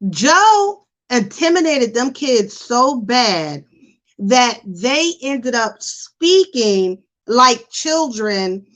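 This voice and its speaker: A woman hosting a casual live stream, chatting and reacting in an animated, talkative way. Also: sits high. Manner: chatty, animated, imitates voices for effect. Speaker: host.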